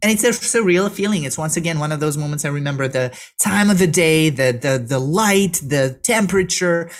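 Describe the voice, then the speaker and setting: A woman's voice: low voice, lively intonation. Earnest woman telling a hard memory. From Serbia. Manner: halting, with frequent restarts; openly emotional, earnest. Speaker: guest. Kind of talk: personal storytelling in conversation.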